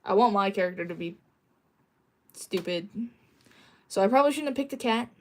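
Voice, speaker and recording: A woman streamer chatting casually with her live chat while she draws. She giggles often and jokes around, and sometimes bursts into playful mock yelling. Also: mid-range voice, animated, normal speed.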